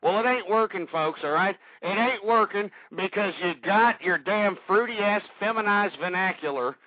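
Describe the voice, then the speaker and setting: Heard through dry, phone-like radio audio with no room sound, a high-pitched man hosts an angry call-in show. He rants combatively at callers and keeps repeating himself.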